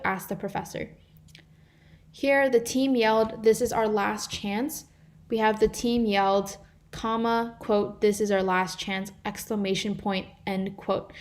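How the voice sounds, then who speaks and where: A teenage girl volunteers as a tutor in a live online grammar lesson, explaining the rules and reading example sentences aloud. Her voice is mid-range with a darkish tone.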